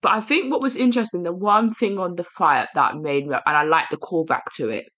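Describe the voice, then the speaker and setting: London-accented male co-host, bright forward tone, lively and quick to act out reactions. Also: high-pitched. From East London, England. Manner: animated, acts out reactions. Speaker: podcast co-host. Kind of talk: casual TV review chat.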